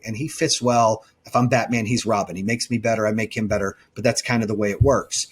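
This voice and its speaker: A man's voice: lowish voice, fairly even intonation, fast, hardly any pauses, slightly rough. A man being interviewed as a company founder, telling his story in a blunt, emphatic way and often correcting himself mid-sentence.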